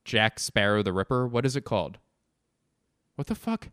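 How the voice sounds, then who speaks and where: A man's voice: on the low side, animated, normal speed, a bit bright, clean tone, no room sound, clean studio sound. A man hosting a solo comedy podcast, rambling and swearing as he wanders around his home. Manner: rambling, profane, self-mocking. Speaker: podcast host. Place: indoors at home, walking around.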